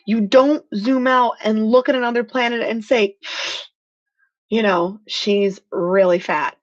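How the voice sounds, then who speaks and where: A woman with a fairly high voice talks earnestly and with feeling to her live-stream viewers. Her speech is heartfelt and encouraging, with a slightly dull, lo-fi sound. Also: fairly even intonation, measured pace. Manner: earnest, heartfelt and emotional, says "freaking" for emphasis. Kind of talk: motivational live-stream talk.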